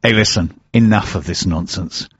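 A man's voice: low voice, moderate pace, slightly rough, dry recording, dull audio. A man hosting a radio show in a casual, jokey, teasing way.

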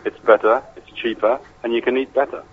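A man, a hotel general manager and guest, pitching his business with some hesitation. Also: steady tone, fairly quick, phone-quality sound. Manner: hesitant, salesy, listing offers. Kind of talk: interview answers.

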